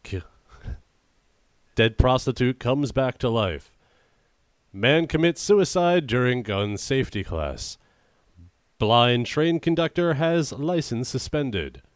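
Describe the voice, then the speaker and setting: A man's voice: medium pitch, big pitch swings, slow pace, pauses often, no room sound, clean studio sound. A man running a quiz game on a casual comedy podcast, teasing his co-host and playing mock-stern. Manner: teasing, theatrical, swings from mock-stern to shouting. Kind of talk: casual banter.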